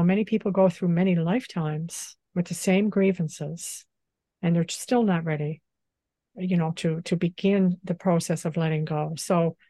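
Lady with a low mellow voice, gentle spiritual teacher talk, lots of you knows, dry close sound. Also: dry recording. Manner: gentle, unhurried, frequent "you know" fillers. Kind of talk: calm spiritual interview talk.

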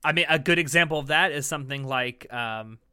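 A man's voice: a little high, fairly quick, sharp tone, clean tone. A young man co-hosting a podcast, earnest and hedging, often restarting to rephrase his point. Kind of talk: casual debate chat.

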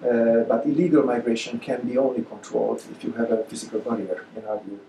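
A man answering audience questions at a lecture, halting with many fillers and restarts. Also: mid-range voice, steady tone, gravelly, mellow, a little hiss or hum. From Hungary. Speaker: guest speaker. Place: lecture hall. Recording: echoey lecture room.

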